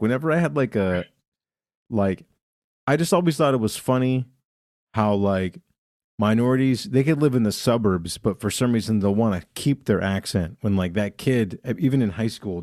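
A man's voice: on the low side, a little mellow, no echo, studio quality. A man from Southern California, a podcast host telling profane, rambling stories with lots of laughter. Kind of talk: casual comedy chat.

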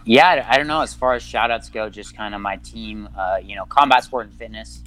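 A man from Washington state, a guest fighter on a podcast, talking modestly and haltingly over a remote call. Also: on the low side, a bit bright, poor audio. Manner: halting, lots of uh and you know, modest. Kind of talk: casual podcast interview. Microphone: remote call, audio cutting out.

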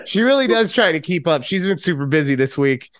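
A middle-aged man co-hosts a casual podcast over a video call. He is loud and ribbing, and his voice swings widely in pitch. The sound is dry and close. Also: big pitch swings, a little fast, no echo. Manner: loud, teasing, jumps to high-pitched outbursts. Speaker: podcast co-host. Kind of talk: casual chat.

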